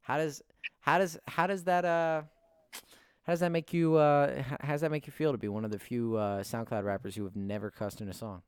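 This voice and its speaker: A man's voice: medium pitch, steady tone, a little fast, a little mellow, clear, resonant tone, no echo. Young man hosting, full of fillers. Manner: hesitant, filler-heavy questioning. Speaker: podcast host. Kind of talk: casual podcast interview over voice call.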